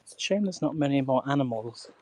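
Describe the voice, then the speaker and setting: A man talks easily to his live-stream viewers as he walks a canal towpath outdoors. His voice sits in an ordinary middle pitch, and he greets people by name and chuckles often. It sounds like a phone held up while he walks. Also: animated, quick pace, a little mellow. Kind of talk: casual live-stream chat while walking.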